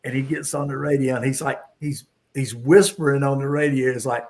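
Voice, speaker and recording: A man's voice: mid-range voice, little pitch movement, fairly quick, few pauses, a little mellow, rough recording. A man hosting a casual hangout and telling rambling police stories, laughing as he goes. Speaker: host. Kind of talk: casual storytelling, police anecdotes.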